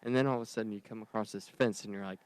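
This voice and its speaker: A man co-hosting a casual political podcast, talking earnestly in quick bursts and laughing. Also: fairly low pitch, steady tone, clear, resonant tone, no echo. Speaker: podcast co-host.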